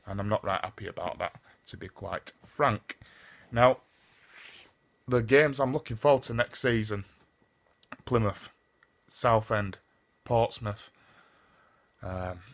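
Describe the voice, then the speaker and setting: A man's voice: on the low side, a bit bright. A man with a Northern English accent giving a casual football season review on his vlog. He talks bluntly and swears often, rambles, and keeps repeating the same stock phrases. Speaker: football fan vlogger.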